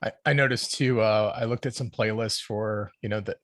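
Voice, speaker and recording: A man's voice: fairly low pitch, fairly even intonation, normal speed, fairly bright tone, no room sound, studio quality. A man on a podcast panel making offhand, wry remarks in casual chat. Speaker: guest panelist.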